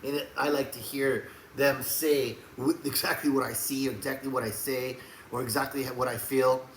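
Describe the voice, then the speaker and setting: A man delivering a rambling faith monologue to camera, preachy and emphatic, often breaking into loud raised outbursts. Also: mid-range voice, steady tone, moderate pace. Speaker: Christian video blogger. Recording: echoey room with faint background hum.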